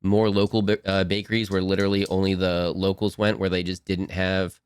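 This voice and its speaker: A man's voice: sits low, flat delivery, brisk, clear, resonant tone. A man hosting a cartoon watch-along stream from home at his computer, rambling and giggling as he answers chat. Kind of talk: casual live-stream chat.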